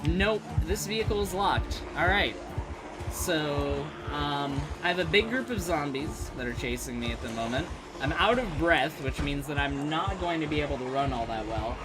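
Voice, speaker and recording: A man streaming his gameplay live, excitable and foul-mouthed, shouting and laughing at the game while talking straight to his viewers. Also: high voice.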